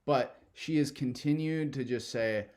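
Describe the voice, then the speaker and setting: A man's voice: medium pitch, a little slow, a little mellow. A young adult man hosting a reaction video, talking in a loose, rambling, profane way. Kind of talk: casual commentary.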